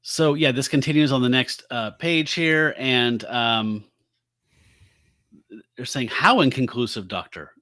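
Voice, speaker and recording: Bright-voiced man recapping comics. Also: medium pitch, slow, long pauses, clear, resonant tone, no echo, studio quality. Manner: relaxed, recaps and acts out quotes with laughs. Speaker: podcast co-host. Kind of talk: casual comic book discussion.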